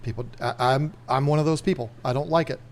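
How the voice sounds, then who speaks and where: A man hosting a casual livestream chat, rambling easily from one thing to the next. He talks at an ordinary middle pitch and speaks straight to the camera. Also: steady tone, fast talker, darkish tone. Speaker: livestream host.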